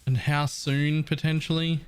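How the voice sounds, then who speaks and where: A man's voice: on the high side, flat delivery, unhurried, faint music behind. A young adult man, a streamer, giving blunt, casual gameplay commentary and swearing freely.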